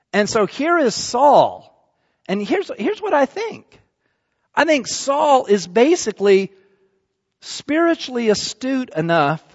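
Animated preacher man, high voice, echoing hall. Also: lo-fi sound. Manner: animated storytelling, acting out voices of the scripture figures in casual speech. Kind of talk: sermon.

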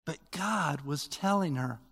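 An older man giving a sermon as pastor, in a conversational, animated preaching manner with rising emphasis. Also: on the high side, slow, gravelly, slightly rough, in a large hall.

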